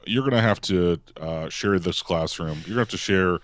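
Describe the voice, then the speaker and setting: A man acting as game master of a tabletop game, narrating in a relaxed, hesitant way with many fillers. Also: deep voice, moderate pace, dry recording. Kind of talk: casual tabletop role-play narration.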